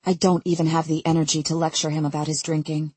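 Husky-voiced woman narrating an audiobook. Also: low-pitched, flat delivery, fast talker, dark tone, no room sound. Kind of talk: first-person scripted narration.

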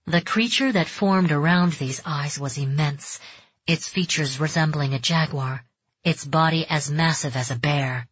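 A woman narrating a dark fantasy audiobook in measured, tense storytelling. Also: deep voice, slightly rough, no room sound. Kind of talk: scripted narration. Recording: dull, dry close recording.

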